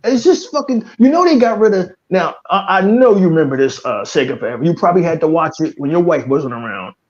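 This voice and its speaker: A man co-hosting a loose podcast, riffing with lots of swearing and quick impressions. His pitch swings widely from low grumbles to high yelps. The audio sounds dull and lo-fi, like a streamed call. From Philadelphia area. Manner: profane, animated storytelling with impressions. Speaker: podcast co-host. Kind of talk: casual chat.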